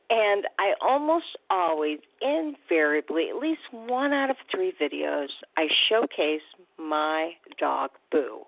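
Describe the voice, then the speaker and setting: A woman's voice: lowish voice, no echo. A woman hosting a radio talk show as a recovery coach, chatty and upbeat, with casual fillers. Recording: tinny phone-line sound, dry.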